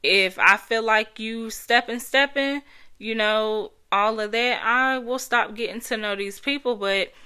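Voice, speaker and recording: Young woman podcast host venting, bright clear voice, blunt n fed up. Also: fairly high pitch, a little slow. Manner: animated, exasperated, blunt with casual swearing. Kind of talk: casual solo podcast rant.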